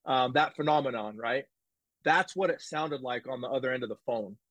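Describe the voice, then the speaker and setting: A man telling a personal story in a casual interview, animated and rambling, with restarts and quoted dialogue. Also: medium pitch, moderate pace, no echo, lo-fi sound. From United States. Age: 20s. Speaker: guest, former football player. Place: home office.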